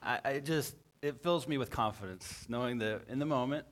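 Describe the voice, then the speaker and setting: A man preaching a sermon as a pastor, halting and often repeating his words. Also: medium pitch.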